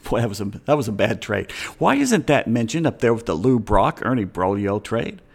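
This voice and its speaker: A man's voice: fairly low pitch, sing-song, moderate pace, creaky. A middle-aged man hosting a casual sports talk show, reading baseball history and drifting into rambling stories with chuckles. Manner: rambling, anecdotal, chuckles often. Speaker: sports radio host.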